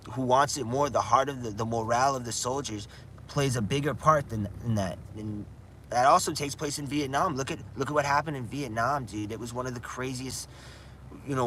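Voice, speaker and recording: A man's voice: mid-range voice, a bit bright. A chatty man ramble-talking on a casual livestream, tossing "dude" into his sentences. His voice sits in an ordinary middle range. Faint outdoor noise and passing traffic hum underneath. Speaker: gaming livestreamer.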